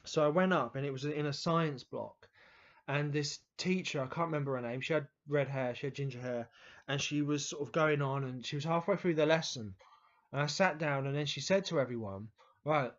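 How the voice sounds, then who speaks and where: A man's voice: fairly high pitch, fairly quick, lo-fi sound. A man telling childhood stories to camera in a casual, rambling way, with frequent restarts, fillers and the odd swear word. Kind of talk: casual storytelling monologue.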